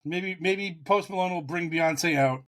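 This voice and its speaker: A man from the United States, his voice sitting high and his pace measured, co-hosts a casual sports podcast. He rambles and curses as he tells lively stories.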